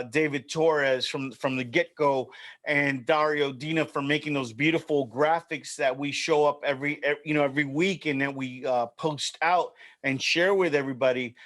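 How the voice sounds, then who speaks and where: A man's voice: on the high side, a bit bright. A man hosting a casual chat show, upbeat and chummy, often saying "man" and "you know". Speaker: show host.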